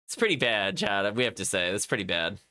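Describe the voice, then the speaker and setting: Male streamer, casual chatty commentary, very animated, bright tone. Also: on the low side, brisk. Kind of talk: casual let's-play commentary.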